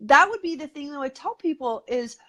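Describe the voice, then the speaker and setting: Upbeat, chatty woman, higher voice. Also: lively intonation, a little fast, sharp tone. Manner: eager, talkative, peppered with "like". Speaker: guest. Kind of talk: casual conversational interview.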